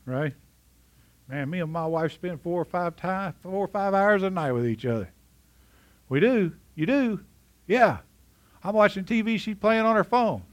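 A man's voice: sits high, expressive, unhurried, pauses often. A middle-aged man preaching a sermon in a conversational way, often asking his congregation questions. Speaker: pastor.

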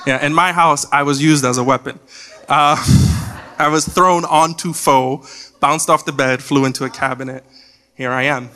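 Animated young man preaching a comic story. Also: moderate pace. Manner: animated, comic storytelling with sudden loud high quoted shouts. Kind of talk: sermon storytelling.

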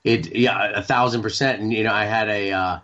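A man in his forties from Maine, a radio show guest talking candidly, halting and repeating words with many fillers. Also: lowish voice, steady tone, a bit bright, highs cut off. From Maine, United States. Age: 40s. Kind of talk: candid interview talk.

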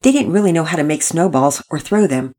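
Husky-voiced woman reading a storybook. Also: low-pitched, a little fast. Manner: expressive, even storytelling. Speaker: narrator.

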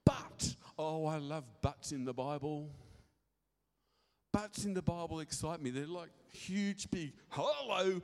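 A man preaching with a high voice that swings widely in pitch. He gets excited and rushes his words, and his voice rings out in a church hall with a long, trailing reverb. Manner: excitable, fast-talking preaching. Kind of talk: sermon.

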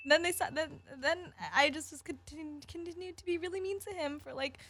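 A woman co-host telling a blunt, animated story in casual chat. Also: high voice, fairly quick.

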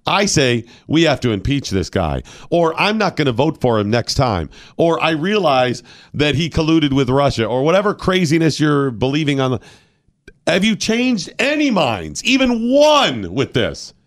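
A man's voice: a little high, sing-song, unhurried, no echo, clean studio sound. A male radio host giving argumentative, opinionated commentary and firing off rhetorical questions.

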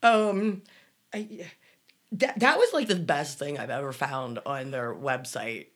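A woman's voice: a bass voice, animated, slow pace. A woman from the Pittsburgh area co-hosting a casual chat, telling a story with incredulous sarcasm.

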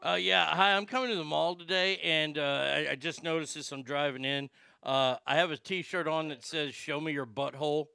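A male comedy host with a somewhat high, gravelly voice that still rings clear. He rants and rambles excitedly, swears freely and stumbles over restarts. The sound is dry and close, with no room in it. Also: normal speed, dry recording. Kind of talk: crude comedic rant and prank call.

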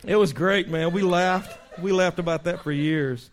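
Folksy pastor telling hunting stories. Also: male voice, high-pitched, normal speed. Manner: animated, imitates animal calls and voices. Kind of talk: folksy sermon storytelling.

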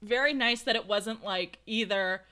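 Giggly young woman, bright voice. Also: mid-range voice, a little slow, clear, resonant tone. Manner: giggly, acts out quotes in playful voices. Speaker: podcast co-host. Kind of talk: casual chat.

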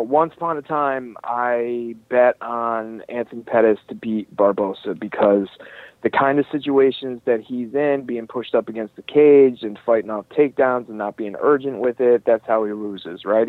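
A man's voice: medium pitch, no room sound. A laid-back man talks through his betting picks in a loose, conversational podcast chat, swearing now and then. His voice comes through a thin, phone-like line with a dry, close sound and no room around it. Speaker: podcast co-host. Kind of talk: casual fight-betting chat.

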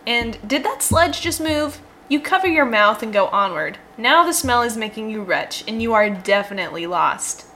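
Bright, giggly young woman narrating. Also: on the high side, expressive, moderate pace, hardly any pauses, slight background noise. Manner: giggly, playful, laughs often. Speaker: host and story narrator. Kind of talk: narrating a choose-your-own-adventure game.

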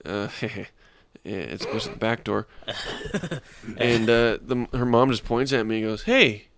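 A man co-hosting a comedy podcast, trading crude jokes in a deadpan way that trails off into low mumbles. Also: measured pace, a crowd in the background. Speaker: podcast co-host.

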